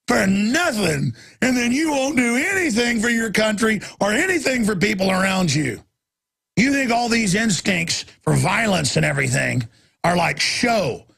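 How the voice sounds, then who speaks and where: Raspy talk radio guy ranting, gravelly high voice, yells now and then. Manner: angry, shouting in bursts, then weary and apologetic. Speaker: radio talk show host. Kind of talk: ranting monologue.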